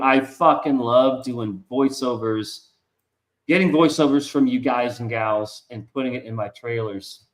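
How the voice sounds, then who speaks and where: Rambling, profane man in a roomy space. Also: medium pitch. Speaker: artist and stream host. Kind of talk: casual chat. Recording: roomy echo.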